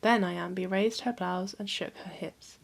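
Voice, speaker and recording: A woman hosting a history channel, reading a mythology book aloud in a calm, even storytelling manner. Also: mid-range voice, unhurried, gravelly.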